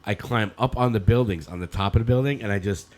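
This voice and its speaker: A man's voice: on the low side, fast talker. A man in his fifties co-hosting a podcast, telling rambling stories in casual chat and laughing often. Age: 50s. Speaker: podcast co-host.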